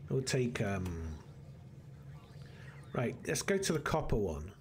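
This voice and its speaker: Slow, rambling man narrating gameplay. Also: medium pitch, sing-song, a little hiss or hum. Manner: muttering and thinking aloud, rambling with restarts. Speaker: let's play host. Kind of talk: casual gameplay commentary.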